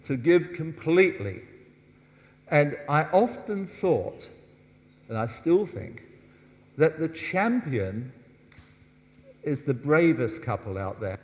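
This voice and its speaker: An older man teaching a ballroom dance class, coaxing the dancers, counting out steps and often asking "yes?". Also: medium pitch. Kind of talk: dance workshop lesson. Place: large dance hall. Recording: dull distant hall sound.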